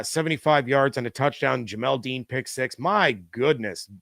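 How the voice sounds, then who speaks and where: A middle-aged man hosts a loose, chatty sports stream, working through viewer comments with plenty of "um"s and "uh"s. His voice sits at an ordinary middle pitch. The sound is dry and close, with no room in it. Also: vocal fry, fairly bright tone, no echo. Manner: chatty, reads viewer comments aloud with frequent fillers. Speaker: podcast host. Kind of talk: casual live-stream sports talk.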